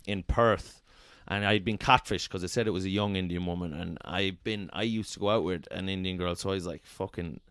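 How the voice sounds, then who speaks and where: Low-voiced man telling crude stories. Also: a little fast, hardly any pauses, a bit bright, clean tone, no room sound, studio quality. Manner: rambling, crude storytelling. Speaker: podcast co-host. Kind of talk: casual comedic chat.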